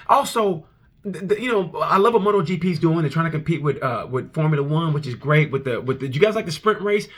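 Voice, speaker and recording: A man, a comedian, reviewing a motorcycle race in a casual, animated monologue full of restarts and profanity. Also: mid-range voice, slightly rough.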